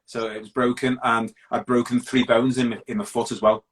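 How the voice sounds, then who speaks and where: A man's voice: mid-range voice, little pitch movement, a little hiss or hum, poor audio. A middle-aged man from Britain, a guest in an interview, telling his story openly and bluntly with many restarts. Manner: open, blunt, halting with restarts.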